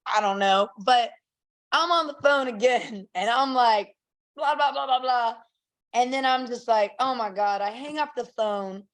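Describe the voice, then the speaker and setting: A woman guest on a podcast, telling stories in a lively, blunt, profane way and laughing often. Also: a little high. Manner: acts out quotes in a raised voice. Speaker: guest, bare-knuckle fighter. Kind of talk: casual podcast chat, animated storytelling.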